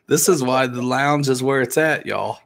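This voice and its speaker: This live-stream host has a mid-range, creaky voice with a fairly bright tone. Laid-back and joking, he reads viewer comments aloud and ribs the people in the chat.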